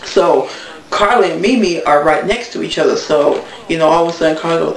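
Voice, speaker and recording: Woman vlogger, blunt and gossipy casual recap, a bit of fry, recorded off-mic. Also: low-pitched, brisk, far from the mic. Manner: blunt, gossipy, talks straight to viewers. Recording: echoey room, voice from off-mic.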